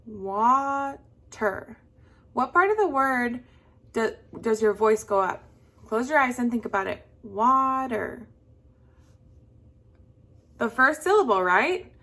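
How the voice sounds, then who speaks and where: A woman's voice: fairly high pitch, sing-song, moderate pace, fairly bright tone. A young woman teaching a lesson to young children, drawing out words in a sing-song voice for them to echo. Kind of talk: slow, patient classroom lesson for young children.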